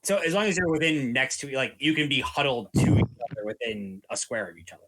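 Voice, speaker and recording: A man's voice: medium pitch, very animated, fast, a bit bright. A man running a tabletop game as game master, describing scenes in a loose, descriptive way. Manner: descriptive, loose, filler-heavy.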